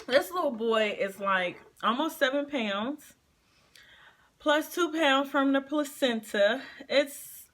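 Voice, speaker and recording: A woman, chatting casually in a pregnancy update and eating vlog, her nose stuffy and running. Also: sits high. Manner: chatty and expressive, drawn-out repetitions. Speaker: vlogger.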